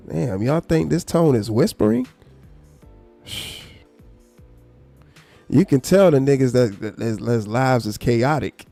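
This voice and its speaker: On his live stream, a man with a gravelly, mellow voice rants casually in a calm, low, unhurried tone, blunt and freely profane. Faint music plays underneath.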